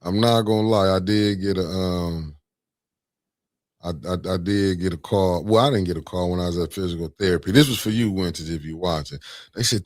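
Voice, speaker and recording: A man with a very low voice hosts a casual live stream, warmly greeting viewers by name as family and beloved. He keeps chatting while he sorts out sharing the stream. The recording is close and dry. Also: a little fast, no room sound.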